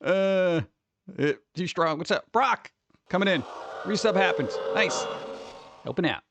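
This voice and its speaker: A man hosting a casual live stream, rambling excitedly and greeting chat members by name. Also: high-pitched, unhurried, background noise. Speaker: livestream host.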